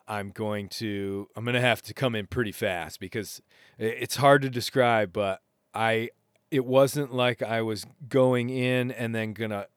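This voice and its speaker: A man hosting a podcast, casually retelling an adventure in a rambling, animated way with self-interrupting restarts. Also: mid-range voice, clean tone, no echo, studio quality. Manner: rambling, animated retelling with laughs and acted quotes. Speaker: podcast host. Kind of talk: casual storytelling monologue.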